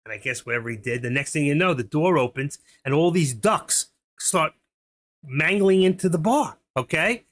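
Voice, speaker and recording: A man's voice: fairly high pitch, expressive, moderate pace, a bit bright. A middle-aged man hosting a live stream, chatting casually and telling jokes in a rambling way, laughing at his own punchlines.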